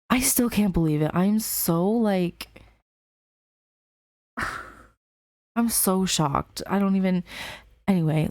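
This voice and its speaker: A woman's voice: on the low side, warm tone, no echo, clean studio sound. A young woman hosting a gaming video, chatting casually and emotionally about the story as she plays. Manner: rambling and emotional, many fillers and sighs. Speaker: gaming channel host. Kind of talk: casual game commentary.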